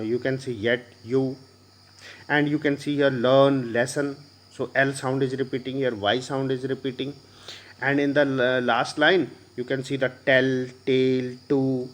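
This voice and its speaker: A man with an Indian English accent teaching a poetry lesson to a class, explaining slowly with many pauses and fillers. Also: medium pitch.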